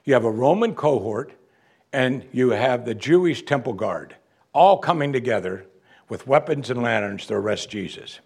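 A man's voice: mid-range voice, animated, moderate pace, creaky, darkish tone, breathy edge. A man, a pastor, preaching an expository sermon in a conversational way and acting out quotes from the text.

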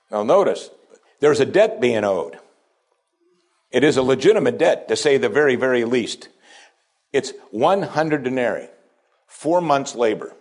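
A man's voice: mid-range voice, slightly rough. Man preaching with dramatic emphasis. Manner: preaching with wide swings between hushed asides and raised, emphatic lines. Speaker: pastor. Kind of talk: sermon.

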